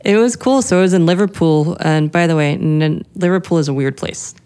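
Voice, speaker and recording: A woman co-hosting a podcast in casual chat, talkative and quick to laugh and trade puns. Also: lowish voice, dark tone, clean tone. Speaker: podcast co-host.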